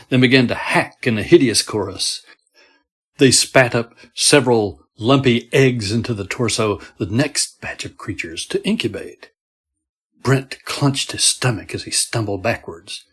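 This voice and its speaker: A man reading a horror story aloud in a steady, measured storytelling manner. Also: mid-range voice, husky. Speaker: story narrator. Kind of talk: scripted horror narration.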